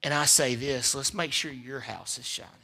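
A man preaching a sermon as pastor, repeating phrases for emphasis and swinging between loud emphatic peaks and quiet asides. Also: medium pitch, moderate pace, gravelly, husky. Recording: live church service.

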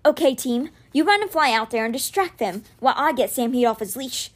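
Lady doing a brave young wizard boy, high and urgent, storybook. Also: animated, fairly quick. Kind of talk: reading a children's novel aloud.

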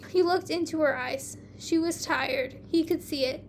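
A woman hosting a podcast, reading her fan fiction aloud in a plain, even storytelling way with small slips. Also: high voice, moderate pace, gravelly, hardly any pauses, a little hiss or hum.

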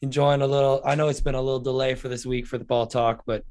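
A man's voice: medium pitch, level tone, fast talker, darkish tone, dry recording. A man co-hosting a casual sports podcast, laid-back and supportive, often chiming in with short agreements. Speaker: podcast co-host.

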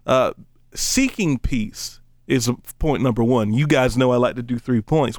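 A man preaching a casual, conversational sermon, joking between slow, emphatic scripture readings. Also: medium pitch, no room sound, studio quality.

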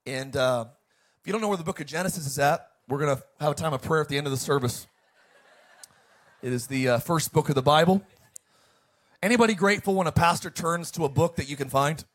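Animated, joking pastor with a high voice. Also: male voice, fairly quick, pauses often. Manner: animated, joking, reads scripture with emphasis. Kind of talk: sermon.

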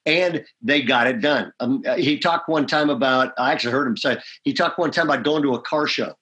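A man's voice: mid-range voice, a little fast, bright, forceful tone. A man speaking as a pastor in a leadership interview, emphatic and often checking in with "okay?". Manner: emphatic, punctuates points with "okay?".

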